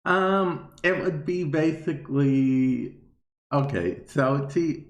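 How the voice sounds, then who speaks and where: Slow-talking man in an echoey room. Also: a little high, muffled recording. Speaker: podcast host. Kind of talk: casual podcast chat.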